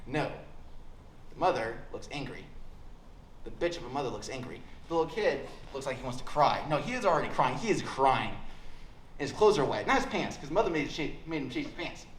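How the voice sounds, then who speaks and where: A young man telling a crude, deadpan comic story at a college open mic. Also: mid-range voice, a little fast. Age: young adult. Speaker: stand-up comedian. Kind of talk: stand-up comedy storytelling. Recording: roomy hall with faint background noise.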